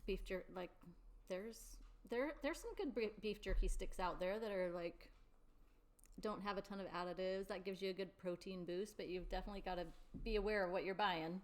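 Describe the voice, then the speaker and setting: A woman's voice: medium pitch, a little fast. A woman guest co-host and health coach, chatting casually in an upbeat way and laughing often. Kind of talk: casual chat.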